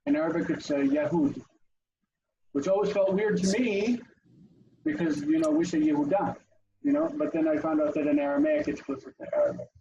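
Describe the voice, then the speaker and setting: A man's voice: fairly high pitch, a little fast, lo-fi sound, a little hiss or hum. A man leading an online language class over a video call, calling on students by name and thinking aloud as he explains. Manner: animated, asks students in turn, thinks aloud. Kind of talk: interactive online language lesson.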